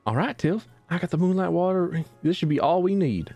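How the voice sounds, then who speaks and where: A keen young witch girl with a lively, bouncing voice that rides well above the man playing her's normal register. She sounds upbeat and sure of her magic, reading her lines from a cozy farming game. There is a faint gravel under the lift. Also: high-pitched, a little fast, no room sound, soft background music, voice pushed up, heavily acted. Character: earnest young female witch, determined. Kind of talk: reading game dialogue aloud.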